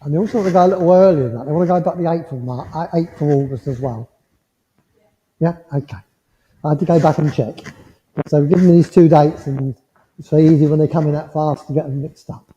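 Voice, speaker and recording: Gentle man, hall reverb. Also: fairly high pitch, fast. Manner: gentle, reassuring, checks in with "yeah?" often. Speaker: medium. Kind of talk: mediumship demonstration to a congregation. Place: village hall. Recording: muffled hall sound with long reverb.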